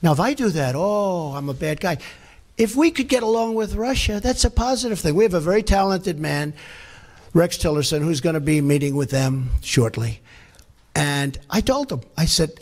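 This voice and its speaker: A man's voice: on the high side, expressive, moderate pace, darkish tone. A man fielding press questions at a podium in a large formal hall, blunt, emphatic and repetitive, speaking off the cuff. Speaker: president at a press conference. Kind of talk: off-the-cuff press conference answers.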